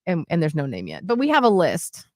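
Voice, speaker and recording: Lively, animated woman telling a story. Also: lowish voice, brisk, no echo, clean studio sound. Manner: animated storytelling, acts out quotes in voices. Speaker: radio show co-host. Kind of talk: casual chat.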